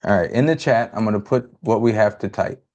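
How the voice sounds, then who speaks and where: A man's voice: on the low side, brisk, a little mellow. A man hosting a casual livestream, rambling and joking as he multitasks. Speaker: livestream host.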